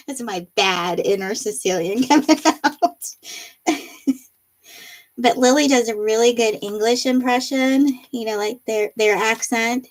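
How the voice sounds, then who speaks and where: A woman's voice: a little high, animated, takes it slowly, pauses often. A woman hosting a live crafting stream from her home craft room, chatting and reading out viewer comments with frequent laughter. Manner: bubbly, laughs often.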